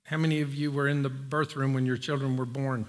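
A middle-aged man preaching a sermon in a church, folksy and joking, climbing higher when he presses a point. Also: little pitch movement, fairly quick. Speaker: pastor. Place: church sanctuary.

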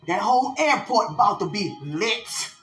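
A woman's voice: medium pitch, very animated, moderate pace, a bit bright, faint music behind. Fervent woman preacher, echoey room. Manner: fervent preaching, call-outs to listeners. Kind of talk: prophetic sermon.

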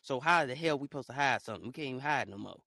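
Excitable man rambling in a dry close-mic'd room. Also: racing, gravelly, no echo. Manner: rambling, excitable, swings between low mutters and loud outbursts. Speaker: podcaster. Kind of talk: casual solo monologue.

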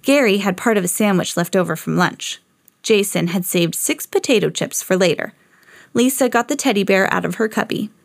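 A woman hosting a children's read-along, narrating a picture book aloud in an expressive way. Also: medium pitch, moderate pace, gravelly, dry recording, studio quality. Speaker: host reading to children.

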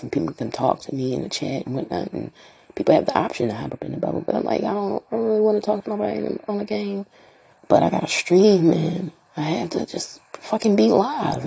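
A young adult woman hosting her own podcast, talking in a blunt, profane, animated way that swings between loud outbursts and hushed whispers. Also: sits low, gravelly, husky. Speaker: podcast host and streamer. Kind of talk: casual solo podcast rant.

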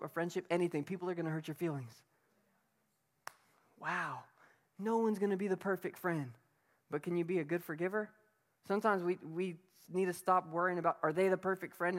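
A preacher giving a sermon in an emphatic, conversational way, asking the listeners rhetorical questions. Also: medium pitch. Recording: long reverb of a hall.

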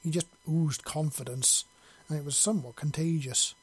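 A man narrating a story in a steady, plain reading voice. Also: fairly high pitch, normal speed, husky, no room sound.

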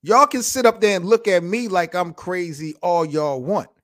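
A man hosting a sports talk show, reacting with excitable, incredulous outbursts and casual slang. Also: sits high, normal speed, no room sound, clean studio sound. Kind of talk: animated sports talk commentary.

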